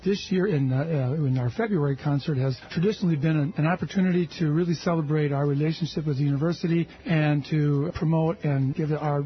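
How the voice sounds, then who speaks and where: A man's voice: fairly high pitch, brisk, few pauses, highs cut off, a little hiss or hum. A man, a music professor and conductor, speaking in a radio interview, earnest and hesitant, with many fillers.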